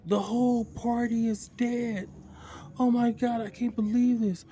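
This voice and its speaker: A man's voice: extremely high pitch, little pitch movement, measured pace, mellow, a little hiss or hum, pitched above the performer's own voice. A man doing Kiba, a frantic young adventurer. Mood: panicked. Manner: frantic, stammering, repeating himself. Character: nervous young male adventurer, too nice, panicking.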